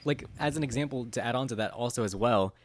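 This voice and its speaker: A young man from the American South with no Southern accent, chatting casually as a podcast co-host in a relaxed, musing way. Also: mid-range voice, quick pace, no room sound. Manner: relaxed, musing, filler-heavy. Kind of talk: casual chat.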